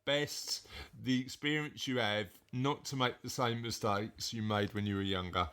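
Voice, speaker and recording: A man hosts a relaxed chat podcast, reading listener replies aloud with a joking, rambling delivery. His voice is bright and forceful at an average pitch. He chuckles through the punchlines and wanders off on asides. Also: unhurried, clean tone. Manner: jokey, rambling, laughs at his own readings. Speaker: podcast host; father of co-host.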